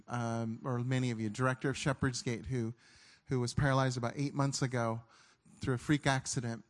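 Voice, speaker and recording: A middle-aged man preaching a sermon, telling a story in an earnest way that halts and restarts often. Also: medium pitch. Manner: earnest, halting, with frequent restarts.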